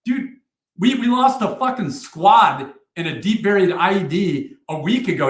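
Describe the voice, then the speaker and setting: Profane, animated army veteran storyteller. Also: male voice, high voice, moderate pace. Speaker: podcast guest, retired army first sergeant. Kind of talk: casual war storytelling. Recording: roomy echo.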